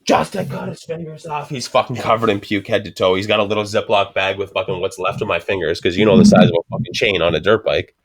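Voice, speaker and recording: A man's voice: sits low, fast, hardly any pauses. A man in his thirties casually telling a story as a podcast guest, swearing constantly and acting out the other people's voices. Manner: profane, animated storyteller.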